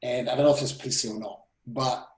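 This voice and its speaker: A man guesting on a podcast as a presenting mentor, telling personal stories in a casual, animated way, his voice rising and dropping sharply. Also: mid-range voice, fairly quick, echoey room, low-quality recording. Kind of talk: casual storytelling interview.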